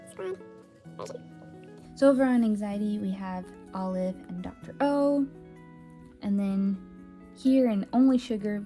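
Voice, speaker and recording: A dark-toned, medium-pitched female voice carries this casual sketchbook tour. The artist narrates in voice-over, rambling chattily with many fillers and false starts, while faint music plays underneath.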